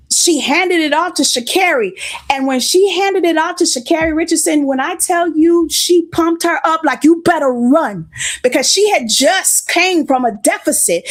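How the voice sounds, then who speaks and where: A woman delivers a sermon in a high voice, a little congested and sniffling now and then. She preaches in a storytelling way and stops to greet listeners by name.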